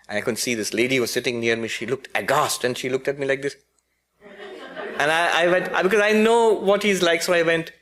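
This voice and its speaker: A man's voice: medium pitch, expressive, brisk, fairly bright tone. A man, a spiritual teacher, giving a philosophy lecture with humorous storytelling and frequent self-corrections.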